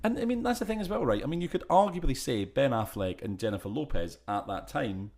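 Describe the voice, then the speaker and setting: A man from Scotland with a faint Scottish accent, co-hosting a chatty podcast, joking and talking in quick asides. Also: medium pitch, lively intonation, darkish tone. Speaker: podcast co-host. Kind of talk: casual chat.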